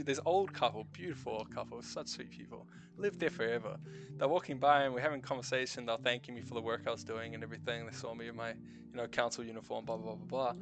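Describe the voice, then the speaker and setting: A man with a light New Zealand accent chats casually on his stream and keeps rambling and correcting himself as he goes. He swears freely. His pitch sits in the middle for a man, and soft music plays behind him. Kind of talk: casual chat.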